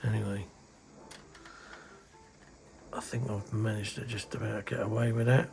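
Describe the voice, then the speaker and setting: A man's voice: lowish voice, little pitch movement, unhurried, gravelly, over music. A middle-aged man from the UK chatting casually about his model kit, grumbling and exasperated, swearing under his breath. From United Kingdom. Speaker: scale model hobbyist. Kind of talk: casual hobby video chat. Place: indoors at a hobby workbench.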